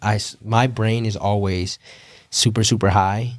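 A young man talking as a podcast guest in a casual, animated way, emotional and swearing freely. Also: on the low side, a little slow, no echo, clean studio sound. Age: young adult.

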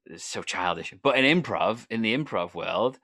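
A man hosting a podcast interview, chatting casually and chuckling often in a relaxed, supportive way. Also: on the low side, normal speed, no echo, studio quality. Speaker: podcast host.

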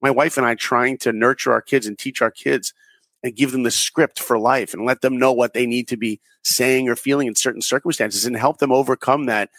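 A man in his forties, an interview guest who tells animated stories and acts out the dialogue in them. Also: mid-range voice, fairly quick, no room sound. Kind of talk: conversational storytelling.

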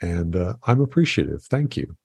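A man's voice: deep voice, big pitch swings, moderate pace, vocal fry, darkish tone, slightly rough, no echo. A man hosting a podcast, easygoing and full of small fillers as he wraps up the talk. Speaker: podcast host. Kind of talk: casual interview chat.

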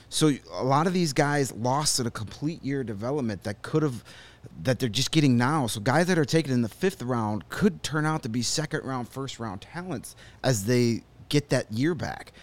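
A man co-hosting a sports show in a studio, opinionated and joking, with quick asides. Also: medium pitch. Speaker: sports podcast co-host. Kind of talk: casual sports chat.

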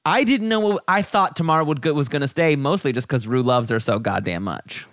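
A man hosting a podcast in casual chat, giggly and quick to agree. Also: a little high, animated, fairly bright tone, no echo, clean studio sound. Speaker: podcast host.

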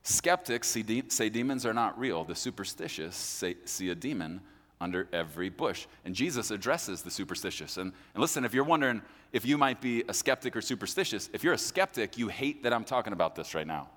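A male pastor delivers a conversational sermon, his pitch swinging up and down as he acts out the voices of his listeners. His voice carries a long reverb from the church hall he speaks in. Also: expressive, brisk, fairly bright tone.

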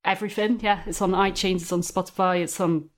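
A woman's voice: fairly low pitch, steady tone, a little fast. Giggly rambling woman guest. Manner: giggly, rambling, lots of fillers. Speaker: podcast guest, comedian. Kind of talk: casual chat.

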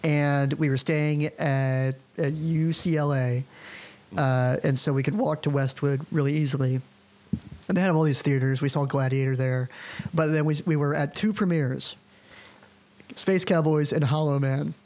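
A man hosting a movie podcast, chatting in a relaxed, easygoing way. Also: on the high side, moderate pace. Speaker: podcast host. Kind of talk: casual movie chat.

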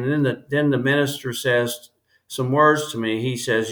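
A man, a guest on an interview podcast, telling a personal story in an earnest, halting way with many restarts. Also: medium pitch, fairly even intonation, a bit bright.

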